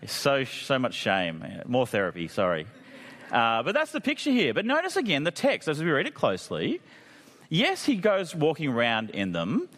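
A man preaching a sermon with an animated voice that rises and falls a lot. He keeps it conversational and drops in jokey asides. A long reverb rings around him, as in a church hall. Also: on the high side.

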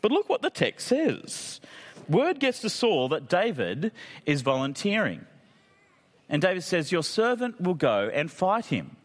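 A man's voice: high voice, huge pitch swings, a little slow. A man preaching a sermon in a conversational way, with jokey asides. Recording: long reverb of a hall.

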